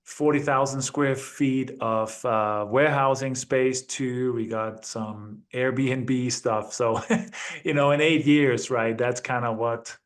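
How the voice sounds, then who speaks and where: A man in his fifties, a guest in an interview, speaking in a measured way with frequent tag questions. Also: medium pitch, fairly even intonation. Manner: measured, peppers speech with "right?" and "you know". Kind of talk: interview conversation.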